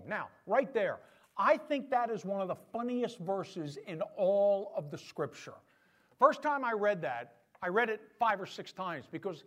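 A male pastor preaching in a lively, conversational style, with a fairly high voice. His pitch swings widely as he teases and presses his points. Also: moderate pace. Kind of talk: sermon.

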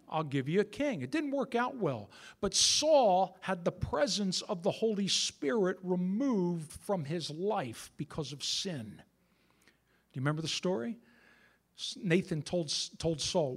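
A middle-aged pastor preaching a sermon with a lively, bouncing delivery and a high-pitched voice. He keeps it conversational and turns aside to talk with the congregation. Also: unhurried. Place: church sanctuary.

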